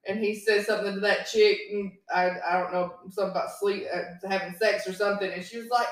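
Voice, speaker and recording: A woman in casual chat, joking with quick retorts. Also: mid-range voice, fairly even intonation, very echoey, distant mic, low-quality recording.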